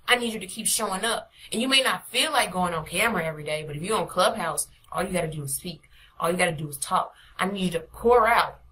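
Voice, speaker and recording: A woman's voice: medium pitch, pushed and bright, low-quality recording. A young adult woman, a prophetic minister, preaching an informal devotional with emphatic, repetitive exhortations.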